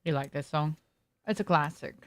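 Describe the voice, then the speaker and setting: A woman's voice: low voice, normal speed, no echo. A young woman streaming a video game, chatting casually with her viewers and telling a long, rambling story full of fillers and restarts. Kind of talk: casual chat while gaming.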